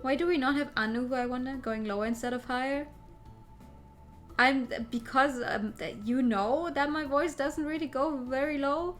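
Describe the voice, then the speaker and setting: A woman's voice: high voice, steady tone, moderate pace, a bit bright, soft background music. A woman streamer chatting casually and bubbly as she plays a game and jokes with chat. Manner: bubbly, reacting and joking to chat.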